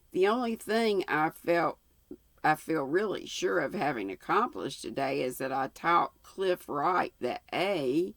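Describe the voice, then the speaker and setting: A woman's voice: sits low, vocal fry, no echo, heavily acted. A woman reading the part of an earnest, dreamy young schoolteacher in a storybook reading. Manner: earnest and reflective.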